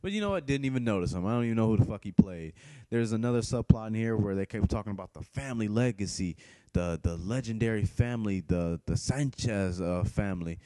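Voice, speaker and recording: A man talks through a movie review in a loose, rambling way, swearing freely and restarting his sentences. His voice is dark and mellow. The recording is dry and close, with no room sound. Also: lowish voice, animated, fast talker, no echo. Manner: profane, blunt, rambling with many restarts. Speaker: film reviewer. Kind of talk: casual spoken movie review.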